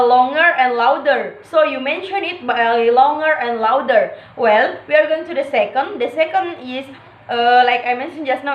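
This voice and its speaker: A woman's voice: sits high, highs cut off. A young woman from Indonesia with an Indonesian accent, an English student explaining a lesson casually and hesitantly, with many fillers and self-corrections. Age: young adult. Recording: echoey room.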